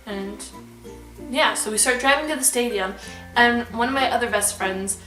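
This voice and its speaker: Young woman vlogger, excitable and chatty; roomy, slightly distant sound with light background music. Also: fairly high pitch, normal speed. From Alberta, Canada. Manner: bubbly, excitable, rambling with fillers. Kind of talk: storytime vlog. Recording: echoey room, slightly distant mic, soft background music. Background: soft background music.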